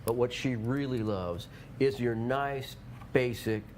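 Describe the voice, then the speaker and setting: A man's voice: medium pitch, slow pace, a little mellow, a little hiss or hum. A man hosting a local TV show, rambling and joking in casual chat and slipping into playful put-on voices. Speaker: TV show host.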